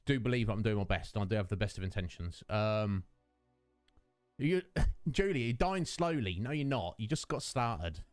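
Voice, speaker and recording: Lively, affectionate male game streamer. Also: mid-range voice, no echo. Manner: affectionate, rambling, chatting with viewers. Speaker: Twitch streamer. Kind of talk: casual live-stream chat with viewers.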